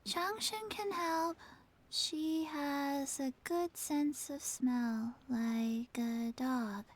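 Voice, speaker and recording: A woman voicing a small undead girl in a video game, speaking in a slow, halting way. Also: high-pitched. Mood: flat.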